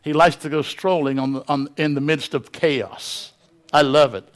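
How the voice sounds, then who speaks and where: A male pastor preaches a sermon with impassioned, dramatic storytelling. His voice sits fairly high for a man and swells as he drives his points home. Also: fairly even intonation, a little slow, pauses often.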